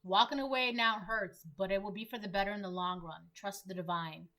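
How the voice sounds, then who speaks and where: A woman's voice: medium pitch, steady tone, a little fast, sharp tone. A young woman giving a casual collective tarot reading, emphatic and repetitive, full of "like". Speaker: tarot reader.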